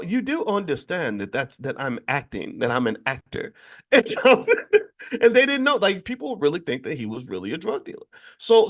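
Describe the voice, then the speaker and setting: A man hosting a daily finance show, talking off the cuff to his audience in an emphatic, preachy way, often restarting and asking listeners to agree. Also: medium pitch. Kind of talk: unscripted monologue to an online audience.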